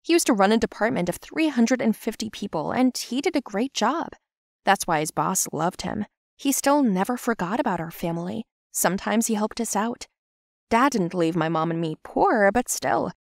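A young woman from Central Asia narrating her own animated story in an expressive, dramatic way. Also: mid-range voice, no room sound, clean studio sound. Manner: expressive, dramatic, shouty at peaks.

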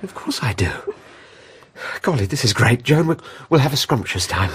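A man's voice: medium pitch, sing-song, moderate pace, fairly bright tone, husky, exaggerated voice. Boyish, eager young man Robin. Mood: delighted. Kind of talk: radio play acting.

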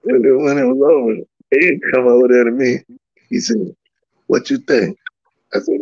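A man's voice: a little high, sing-song, normal speed, vocal fry, darkish tone, breathy edge, dry recording. A man telling old stories in a casual, profane way, laughing often and acting out the dialogue. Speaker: guest recounting old stories. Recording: slightly dull lo-fi sound.

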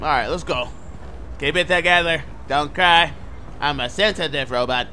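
A man giving loud, profane, joking commentary on a game as he plays, talking back to the characters. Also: a little high, moderate pace, slight background noise. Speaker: gamer. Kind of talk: comedic gameplay commentary.

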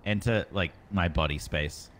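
Excitable man chatting over a game. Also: low-pitched, unhurried, slight background noise. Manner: excitable, laughs mid-sentence. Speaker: gaming friend. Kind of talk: casual chat while gaming.

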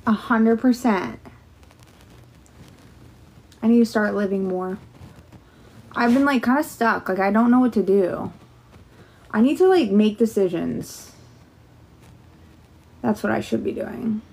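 A woman's voice: medium pitch, expressive, a little slow, creaky, pauses often, darkish tone, breathy edge. A young woman chatting casually on a livestream from home, rambling with lots of filler words.

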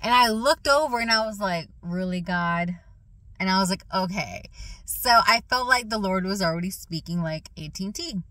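Bright, excited woman giving testimony. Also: mid-range voice, brisk, hardly any pauses, no room sound, rough recording. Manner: excited and animated, repeats phrases for emphasis; chewing gum while talking. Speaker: vlogger sharing a faith testimony. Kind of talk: casual faith testimony vlog.

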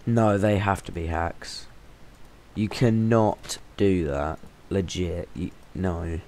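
A man talks through a video game in a deep, low voice and an unhurried delivery. He chatters casually and bursts into sudden exclamations. There is a faint hiss of noise behind him. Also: mellow. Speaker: gaming channel host. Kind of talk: gameplay commentary. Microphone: temporary stand-in mic.

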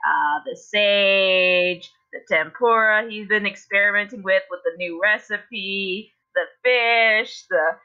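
A woman's voice: medium pitch, takes it slowly, few pauses. A woman playing in a tabletop game, describing her character's actions in a hesitant, stammering way. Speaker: player. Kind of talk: casual tabletop play. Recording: dull lo-fi sound with faint music.

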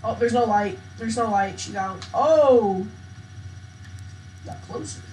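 A woman giving excitable, slangy live gameplay commentary as a channel host, often bursting into loud shouts. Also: medium pitch, normal speed. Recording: echoey room with faint noise.

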